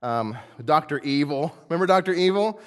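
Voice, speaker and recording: A man preaching a sermon in a church, playful and animated, acting out the quotes in comic voices. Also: on the high side, a little fast. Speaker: pastor. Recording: long hall reverb.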